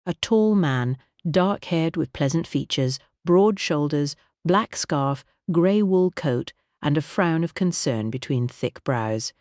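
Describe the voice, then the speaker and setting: A woman narrating a mystery audiobook with a low voice that rises and falls expressively. She tells the story with a lively storyteller's touch. The sound is close and dry, like a studio booth. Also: takes it slowly, hardly any pauses, dry recording.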